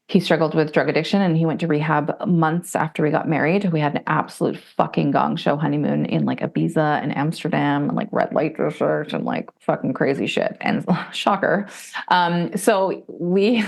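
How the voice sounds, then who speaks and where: Woman, 40s, podcast guest, lowish voice, vocal fry, blunt, swears a lot, animated storyteller. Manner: acts out other people's voices when telling stories. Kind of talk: candid conversational storytelling.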